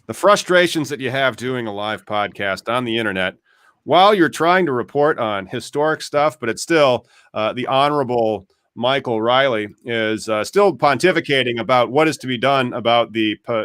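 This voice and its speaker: A man's voice: medium pitch, moderate pace, a bit bright, clear, resonant tone, no echo. A man hosting a live podcast, chatting casually and wryly about news as it happens. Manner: chatty, wry, talks over tech trouble. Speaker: podcast host.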